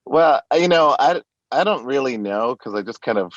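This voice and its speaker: A man's voice: medium pitch, lively intonation, moderate pace, no echo, muffled recording. A man guesting on a podcast, chatting casually and playfully, laughing often and sliding in and out of put-on accents. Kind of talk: casual interview chat.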